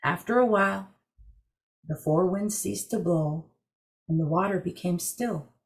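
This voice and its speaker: A woman telling a traditional creation legend in a measured, deliberate storytelling narration. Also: fairly low pitch. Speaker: program director telling a legend.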